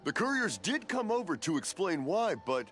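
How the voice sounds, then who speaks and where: An actor playing an elderly, hard-of-hearing fireworks maker who rambles into long stories and chuckles as he mishears things, in game voice acting. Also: normal speed. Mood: cheerfully confused. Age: older. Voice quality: animated, sing-song storytelling with big pitch swings. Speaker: old fireworks maker, the heroine's father. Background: game music.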